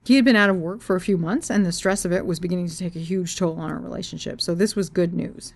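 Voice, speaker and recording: A woman podcast host telling her own story, frank and expressive, with a lowish voice. The recording is dry and close, with no room sound. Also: quick pace, no room sound. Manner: frank and expressive, with explicit language. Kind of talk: personal storytelling and reading aloud.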